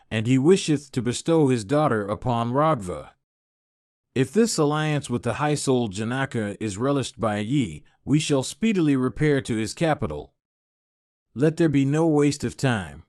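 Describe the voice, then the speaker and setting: A man's voice: medium pitch, expressive, moderate pace, a little mellow, no room sound, studio quality, close to an everyday voice. A man voicing an aged, delighted king giving orders in formal, archaic speech within an audiobook. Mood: decisive. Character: aged, delighted royal father, commanding.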